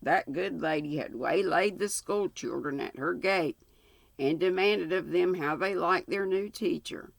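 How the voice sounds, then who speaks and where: A woman's voice: fairly low pitch, measured pace, vocal fry, no echo. An older woman with a Southern US accent, reading a novel aloud and signing off in a homey, folksy way. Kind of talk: audiobook reading and casual sign-off.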